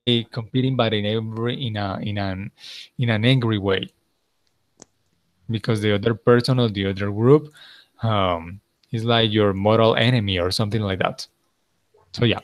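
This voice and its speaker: A man's voice: on the low side, fairly even intonation, moderate pace, long pauses, dry recording. Patient man teaching English, Colombian accent. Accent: Colombian Spanish. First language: Spanish. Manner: patient, explains step by step, switches to Spanish to clarify. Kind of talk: online English tutoring.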